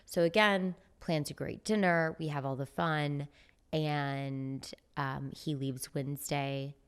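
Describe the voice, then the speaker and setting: A woman's voice: sits low, fairly even intonation, takes it slowly, clean tone. A woman guest on a podcast, telling a personal story in casual chat, full of "like" fillers and acted-out quoted dialogue. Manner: chatty, frequent "like" fillers, acts out quoted dialogue.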